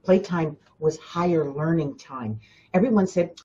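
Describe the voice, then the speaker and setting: A woman's voice: lowish voice, expressive, moderate pace, darkish tone, lo-fi sound. A woman hosting a spiritual coaching talk, speaking emphatically to her listeners, often repeating herself and addressing them directly. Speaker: spiritual teacher and host.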